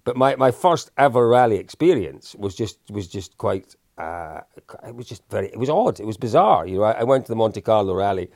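Creaky-voiced man telling stories. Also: on the low side, lively intonation, fairly quick, darkish tone, dry recording, clean studio sound. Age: 50s. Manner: anecdotal, self-deprecating, with frequent restarts and chuckles. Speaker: interview guest. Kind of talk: casual storytelling in an interview.

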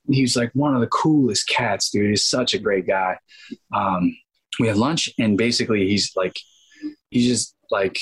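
A man's voice: mid-range voice, normal speed, slightly rough, rough recording. A man guest on an interview, telling rambling stories in a casual way and acting out quoted dialogue. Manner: animated, acts out quoted dialogue; rambling with restarts and fillers. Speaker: guest actor.

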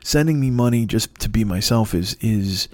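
A man hosting a solo podcast from his dark apartment, telling rambling, profane stories in a casual monologue. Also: fairly low pitch, lively intonation, moderate pace, no echo, studio quality. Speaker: podcast host.

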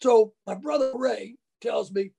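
A man's voice: very high-pitched, a little slow, gravelly, over loud music. A man who once played college football, recalling his past in a casual interview, folksy and colloquial. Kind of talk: casual storytelling.

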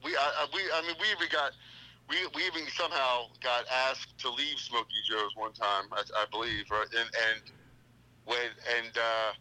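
A middle-aged man calling in to a casual chat, talking in a halting, rambling way with many restarts. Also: medium pitch, steady tone, bright, forceful tone. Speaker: guest on a phone call. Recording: tinny phone line.

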